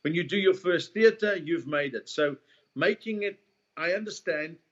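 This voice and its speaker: Give me a middle-aged South African comedian, chatty and slangy, slightly high-voiced, over a muffled call. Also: male voice, normal speed. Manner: chatty storyteller, slangy and joking. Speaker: comedian guest. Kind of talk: casual chat.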